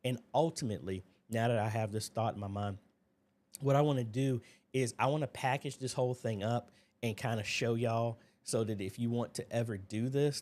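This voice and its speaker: A man hosting a relaxed livestream from his desk, calling out viewers by name with quick friendly hellos. He slides into walking through a database demo at a loose, conversational pace, with plenty of fillers along the way. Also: fairly low pitch. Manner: greets viewers by name, talks through on-screen tech demo. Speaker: livestream host. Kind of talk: casual livestream chat.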